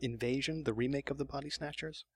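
Gravelly man, teasing co-host. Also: mid-range voice, steady tone, fast talker, no echo, studio quality. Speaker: podcast co-host. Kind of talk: casual chat.

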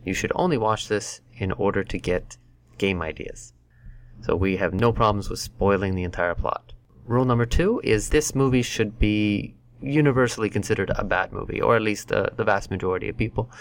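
A man hosts a casual podcast in a fairly low voice. He talks in a laid-back, wry way, setting out the episode's ground rules for his co-hosts. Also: normal speed, no echo. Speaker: podcast host.

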